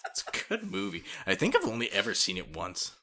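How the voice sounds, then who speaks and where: A man's voice: on the low side, wildly swooping pitch, a little fast, bright, forceful tone. Chill guy cohosting a podcast, jokey, voice goes up and down a lot. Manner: laid-back, swearing, joking. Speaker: podcast co-host. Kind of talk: casual chat.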